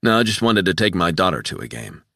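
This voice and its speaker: A man as a terse, calm investigator. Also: sits low, quick pace, no room sound, studio quality, exaggerated voice. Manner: terse, level.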